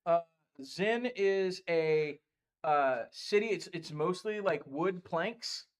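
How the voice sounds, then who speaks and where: A man with a high voice and slow pace plays dungeon master on a livestream from a game store. He chats casually, rambling through game lore with plenty of fillers.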